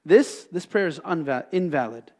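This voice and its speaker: A man's voice: on the high side, lively intonation, moderate pace, darkish tone. A man teaching a class at a mosque, explaining each point by asking questions and answering them himself. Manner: explanatory, asks and answers his own questions. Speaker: Islamic teacher. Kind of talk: classroom lecture.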